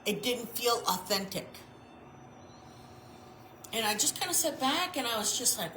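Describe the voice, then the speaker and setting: A woman chaplain preaches a casual sermon with a bright, slightly high voice. She speaks frankly and in a chatty way, repeating phrases as she tells her stories. The room is echoey, with a faint hiss behind her. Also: animated, unhurried, pauses often. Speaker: chaplain and reverend. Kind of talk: informal sermon.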